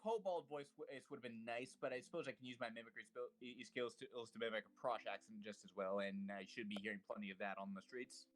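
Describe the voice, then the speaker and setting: A man's voice: mid-range voice, quick pace, hardly any pauses. A man playing in a tabletop game over voice chat, talking casually and hesitantly with many restarts and fillers. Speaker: player.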